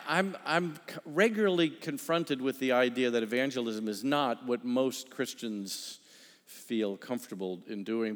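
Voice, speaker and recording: A man preaching a sermon, telling a story with halting restarts and wry asides. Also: medium pitch, a bit bright. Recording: long reverb of a hall.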